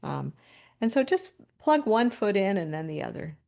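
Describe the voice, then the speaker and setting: A woman presenting a webinar over a video call, calmly guiding listeners through posture and breathing cues with light laughs between instructions. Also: medium pitch, normal speed, vocal fry. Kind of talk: guided body-awareness instruction.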